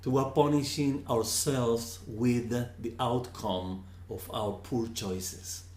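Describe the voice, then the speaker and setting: A man giving a slow, earnest reflective teaching on scripture, often repeating words for emphasis. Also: medium pitch, steady tone, a little mellow, reverberant. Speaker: spiritual teacher.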